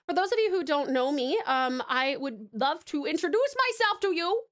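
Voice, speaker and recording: A woman from Tasmania chatting on a live stream, greeting viewers warmly and gushing over their art in a flustered, affectionate way. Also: high voice, big pitch swings, moderate pace, a little hiss or hum. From Tasmania, Australia. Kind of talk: casual live-stream chat.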